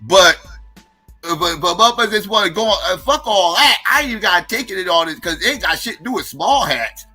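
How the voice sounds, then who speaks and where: High, piercing man ranting in exasperation. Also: lively intonation, a little fast, breathy edge, soft background music. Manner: incredulous, exasperated, swings loud and soft. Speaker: livestream commentator. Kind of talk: profane ranting commentary.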